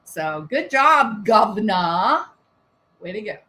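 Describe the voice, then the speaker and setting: A woman's voice: mid-range voice, sing-song, takes it slowly, pushed and bright. A woman giving sarcastic, indignant commentary on a press conference, firing off rhetorical questions.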